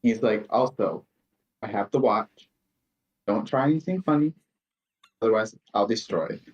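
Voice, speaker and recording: A player speaking calmly in character, a little halting. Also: mid-range voice, slightly rough, dull audio. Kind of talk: tabletop game play.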